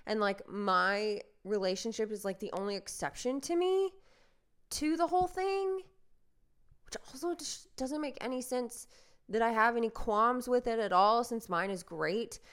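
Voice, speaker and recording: A young woman talks through her own podcast in a loose, self-deprecating monologue, circling back with fillers and half-finished starts. Her voice is smooth and clear. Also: on the high side, a little slow, a bit bright. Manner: rambling, self-deprecating, many fillers and restarts. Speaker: podcast host. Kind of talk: casual monologue.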